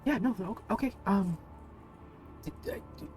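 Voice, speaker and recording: A man voicing an eager young male dragonborn adventurer who shouts and stammers in a high voice. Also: measured pace, soft background music. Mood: excited.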